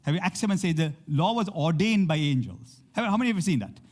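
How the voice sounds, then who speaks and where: A man's voice: fairly high pitch, sing-song, quick pace, a little mellow. A man preaching a sermon to a congregation, reading scripture aloud and often checking in with "okay?". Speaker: pastor.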